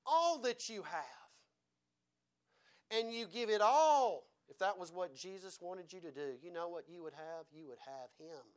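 A male preacher giving a sermon, his pitch and loudness rising and falling widely as he preaches. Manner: animated preaching, pitch and volume swinging widely.

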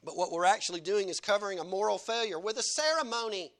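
A man delivers a sermon with a high, bright voice. He hammers his points home and keeps asking the congregation questions. He sounds like a pastor preaching from the pulpit in church. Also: fast. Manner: emphatic, asks the congregation repeated rhetorical questions.

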